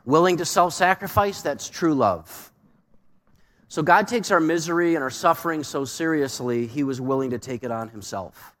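A man's voice: fairly high pitch, a bit bright. A man preaching a sermon as pastor, asking the congregation rhetorical questions with shifting emphasis. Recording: long hall reverb.

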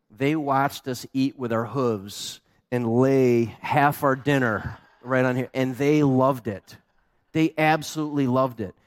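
A man preaching a sermon as pastor, telling a story with lively acted-out quotes. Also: on the high side, no room sound, clean studio sound.

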